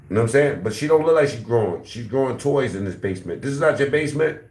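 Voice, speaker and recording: A man's voice: mid-range voice, animated, fast, hardly any pauses, roomy sound. A man livestreaming in casual talk to his chat, taunting and profane as he trash-talks.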